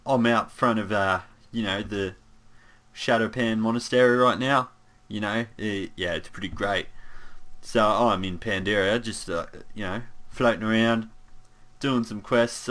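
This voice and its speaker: A man's voice: fairly low pitch, pushed and bright. A man voicing a bumbling, easygoing young human paladin in an in-character monologue, rambling with lots of fillers and asides.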